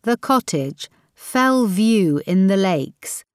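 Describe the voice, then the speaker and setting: A woman's voice: medium pitch, expressive, smooth, no room sound, studio quality. A woman reading as a wry, teasing husband. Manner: wry, measured, gently mocking. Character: man, married, dry and teasing.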